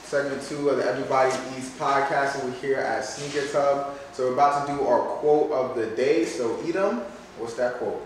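A man hosting a casual podcast, relaxed and easy to laugh, as he steers the talk into each new segment. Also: medium pitch, moderate pace, recorded from a distance. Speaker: podcast host. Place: sneaker cleaning shop. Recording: echoey room, off-mic, faint background noise.

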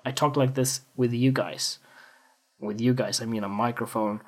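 A man's voice: mid-range voice, fairly even intonation, moderate pace, darkish tone. Rambling man with a self-mocking, jokingly boastful streak. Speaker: podcast host. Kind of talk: casual solo podcast monologue. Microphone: USB desktop microphone.

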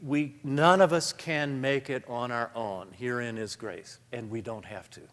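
A man's voice: mid-range voice, a little slow. A man in a reverberant hall, reflective. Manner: thoughtful, self-deprecating, reads passages aloud. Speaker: author and guest speaker. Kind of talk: live onstage conversation.

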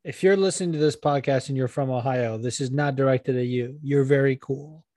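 A man co-hosting a casual podcast, ranting excitedly and swearing freely. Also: medium pitch, brisk, no echo, studio quality. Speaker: podcast co-host. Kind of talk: casual chat.

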